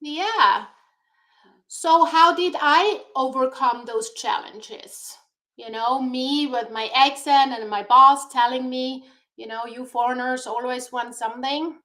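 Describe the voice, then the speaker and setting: A woman guest on a talk show, speaking in a deliberate, encouraging way over a video call. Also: high voice, pushed and bright. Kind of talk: motivational talk-show chat.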